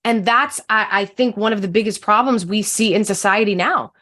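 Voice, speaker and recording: A woman's voice: medium pitch, normal speed, pushed and bright. A woman guest, a communication coach, talking passionately and emphatically in an interview. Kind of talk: interview conversation.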